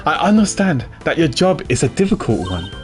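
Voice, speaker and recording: A man's voice: fairly high pitch, very animated, a little fast, darkish tone, faint music behind, voice pushed up. A man voicing a cool, formal and proud male prosecutor in a pompous manner.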